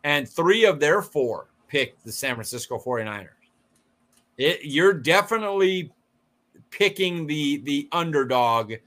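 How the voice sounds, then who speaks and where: A man co-hosting a sports podcast, fired up and blunt, mocking pundits in quick bursts. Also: fairly high pitch, expressive, fairly bright tone. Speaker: podcast co-host. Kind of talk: casual sports chat.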